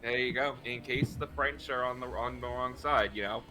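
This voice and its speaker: A man's voice: mid-range voice, steady tone, normal speed, over music. A man playing in a tabletop game over an online call, joking around and stumbling through restarts. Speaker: player. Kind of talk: casual tabletop game chat.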